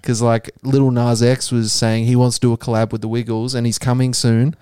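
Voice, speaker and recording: A man co-hosting a podcast casually, making blunt quick quips. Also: mid-range voice, level tone, mellow, clear, resonant tone, no room sound, studio quality. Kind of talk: casual chat.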